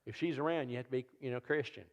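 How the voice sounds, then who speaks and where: Preacher in a reverberant church. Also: male voice, fast talker. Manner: animated storyteller who shifts into loud high voices for quoted people. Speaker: evangelist and comedian. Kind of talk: comedic sermon storytelling. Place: church service. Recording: long reverb of a church hall.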